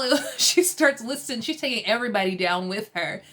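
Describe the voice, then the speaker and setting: A woman recapping a reality TV episode in a chatty, casual way, laughing often and quoting the cast in quick asides. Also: medium pitch, pushed and bright.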